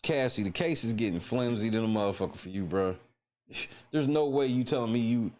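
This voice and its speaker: A male host on a live commentary show talks in a mocking, profane way and laughs often. His voice moves in a lively, animated way, up and down at a mid pitch. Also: a little fast.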